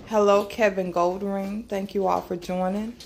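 A woman's voice: medium pitch, level tone, normal speed, gravelly. A woman co-hosting a live cooking stream, greeting viewers by name in a friendly way. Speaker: co-host reading viewer comments. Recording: noisy kitchen with chopping and dishes.

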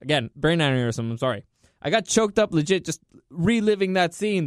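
Excitable man hosting a film review. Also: a little high, a little fast, no echo, studio quality. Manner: excitable, repeats himself for emphasis. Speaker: movie review host. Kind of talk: casual spoken film review.

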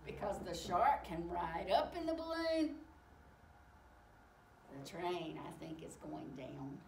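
A woman reading a picture book aloud to children, exclaiming often in an animated way. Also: medium pitch, a little hiss or hum. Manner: animated, exclaiming, slow and warm-paced. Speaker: storyteller. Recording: echoey room, far from mic.

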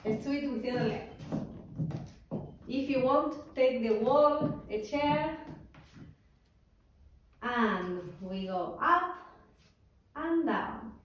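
A woman teaching a tango technique class, calmly talking students through an exercise, counting out the beats and checking in with "yes?". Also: high-pitched, slow, long pauses. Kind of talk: slow spoken dance class instruction. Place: dance studio. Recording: roomy, distant studio sound with faint noise.

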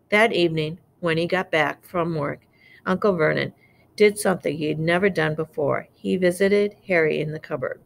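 A woman reading a novel aloud, low-pitched with a gravelly fry. Her delivery is plain and unpolished, and she trips over the odd word. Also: moderate pace. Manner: unpolished, stumbling over words. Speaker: reader.

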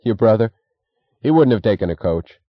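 Guy reading as a confused flustered train conductor, low voice, muffled audiobook. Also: expressive, moderate pace, no echo, close to an everyday voice. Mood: bewildered. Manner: bewildered.

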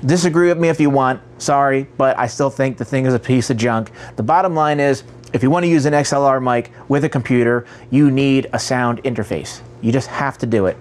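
A man's voice: medium pitch, a little fast, few pauses. A man hosting a casual channel spotlight, chatty, who stumbles over words and corrects himself. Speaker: host.

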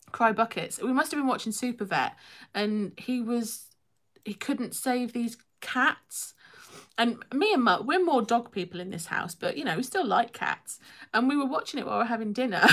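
A woman's voice: on the high side, a bit bright. A young woman hosting a casual live stream, chatting and reading comments, laughing often and poking fun at herself.

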